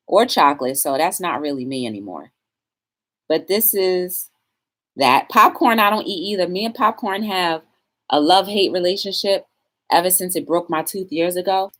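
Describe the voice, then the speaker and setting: A woman's voice: medium pitch, lively intonation, normal speed, fairly bright tone. A woman hosting a casual live-stream talk show, chatting straight to her viewers and reading quotes aloud with emphasis.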